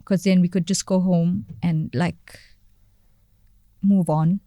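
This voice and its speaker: A woman, a podcast guest telling a personal story in a halting way, searching for words and repeating phrases. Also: lowish voice, fairly even intonation, dark tone, no echo, clean studio sound.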